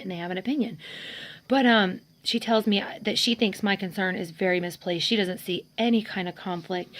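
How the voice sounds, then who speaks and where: A woman in her forties speaks straight to the camera in a personal vlog. She pours out a painful story, acting out the people she quotes. Her voice stays emotional and close to tears throughout. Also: mid-range voice. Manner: emotional, venting, quoting others in dialogue. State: tearful. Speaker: vlogger.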